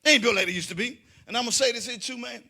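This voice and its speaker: A man doing a stand-up comedy routine, telling stories to a live audience, acting out the people he quotes and shouting his punchlines. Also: very high voice, racing, gravelly. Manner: animated storytelling, acts out quoted voices, shouts punchlines; addresses the audience directly.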